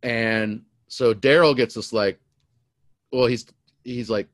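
Storyteller, middle-aged man, animated and rambling, dry close sound. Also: mid-range voice, takes it slowly, no echo. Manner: animated, rambling, repeats words. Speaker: storyteller guest. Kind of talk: casual storytelling.

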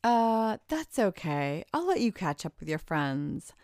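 A woman's voice: on the low side, big pitch swings, a little slow, a little mellow, dry recording. Woman reading a shy young man, hesitant, dry voice.

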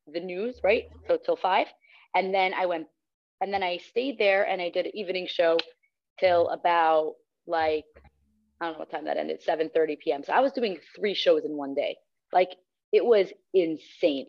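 Young female guest, storyteller who acts out quotes, low-ish voice, dull recording. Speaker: guest, radio host. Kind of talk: casual storytelling in an interview. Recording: slightly muffled recording.

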